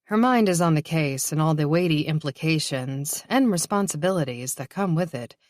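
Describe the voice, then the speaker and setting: A woman narrating a novel in a measured, even reading. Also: sits low, no room sound, clean studio sound. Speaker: audiobook narrator. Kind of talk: scripted narration.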